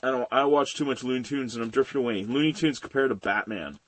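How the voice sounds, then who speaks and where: A man's voice: mid-range voice, steady tone, fairly quick, no echo. A man in his late twenties giving a rambling, profane, casual film review with frequent laughs. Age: late 20s.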